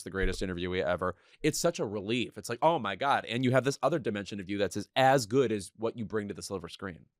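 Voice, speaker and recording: A man hosting a podcast, arch and wry, with quick quips and a voice that rises and falls a great deal. The sound is dry and close to the mic. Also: fairly low pitch, no echo. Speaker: podcast host. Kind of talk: casual chat.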